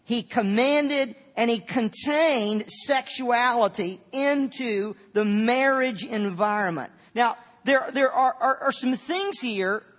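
A man gives a sermon as a pastor in a church sanctuary. He speaks slowly, often halting and repeating words. The recording is dull, with a long reverb trailing off each phrase. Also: very high voice, fairly bright tone.

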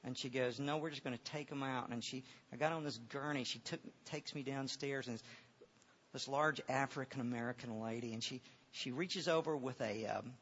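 A man's voice: mid-range voice, normal speed, a bit bright, husky. A man preaching a sermon and telling a personal story, earnest, often repeating words and restarting. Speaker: pastor. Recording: dull lo-fi recording.

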